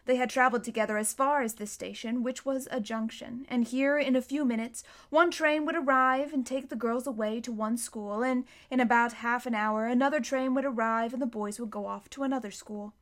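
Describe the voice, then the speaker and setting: A woman narrating a children's storybook in a clear, even, unhurried manner. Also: a little high. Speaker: audiobook reader.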